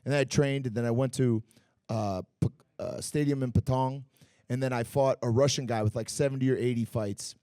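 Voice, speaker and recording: A man's voice: mid-range voice, fairly quick, dry recording, clean studio sound. Profane, rambling man telling fight stories. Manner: animated, profane storytelling full of fillers. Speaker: Muay Thai fighter and promoter, guest. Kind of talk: casual storytelling in a podcast interview. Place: bar and grill.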